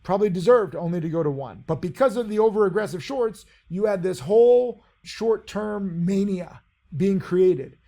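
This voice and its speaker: Brash guy teaching trading in a casual video lesson, high voice with lots of gravel, kinda boastful. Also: animated, normal speed, mellow.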